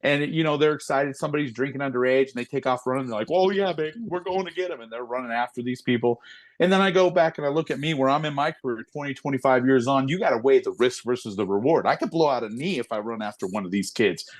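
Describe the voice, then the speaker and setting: A man in his forties talks casually as a guest, a police officer who also does stand-up. He tells his bits with animated energy and drops into quick voices of the people he mocks. His voice sits in an ordinary middle pitch. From United States. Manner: animated storyteller, slips into impressions of people. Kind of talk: casual interview chat.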